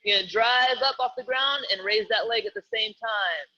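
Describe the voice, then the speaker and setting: Upbeat high-voiced male fitness coach. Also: moderate pace, pushed and bright, muffled recording. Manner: upbeat, joking while cueing exercises. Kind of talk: live online workout coaching.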